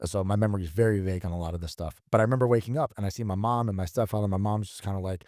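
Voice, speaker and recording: A man guest on a podcast, telling a story in a casual, profane, animated way and acting out quotes. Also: on the low side, very fast, few pauses, dry recording, clean studio sound. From the Bronx, New York.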